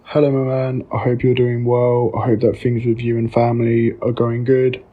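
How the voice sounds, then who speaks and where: A man's voice: mid-range voice, completely flat delivery, moderate pace, narrow, tinny audio, noisy background. A man sending a friendly, easygoing voice memo to a podcast. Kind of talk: recorded voice memo.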